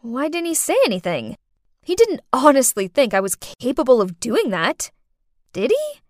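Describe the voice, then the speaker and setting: A woman narrating a first-person story for a podcast in an expressive, dramatic way. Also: high-pitched, normal speed, dry recording, studio quality.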